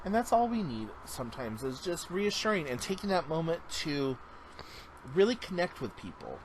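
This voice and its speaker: A man's voice: on the high side, big pitch swings, moderate pace, a little hiss or hum. A man hosting his own podcast, talking in an earnest, heartfelt, rambling casual monologue. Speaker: podcast host.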